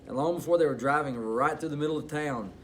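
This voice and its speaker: A man's voice: fairly high pitch, fast, a little hiss or hum. Man reading a children's bedtime story. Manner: expressive, bedtime-story delivery. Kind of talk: children's picture-book read-aloud.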